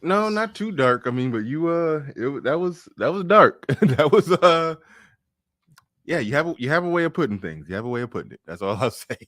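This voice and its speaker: A man's voice: a little high, very animated, normal speed, fairly bright tone, dry recording, studio quality. A man hosting a podcast in casual political chat, loose and profane, laughing often and restarting his sentences. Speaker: podcast host.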